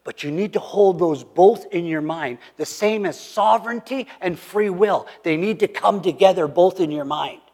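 Animated preacher in a reverberant hall. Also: male voice, sits high, normal speed, few pauses. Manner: animated preaching, swinging from loud emphasis to hushed asides. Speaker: pastor. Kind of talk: sermon.

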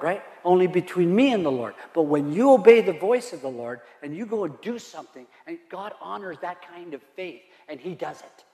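A man's voice: high voice, warm tone. A male pastor preaching a sermon, emphatic and repetitive, asking the room rhetorical questions. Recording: roomy hall reverb.

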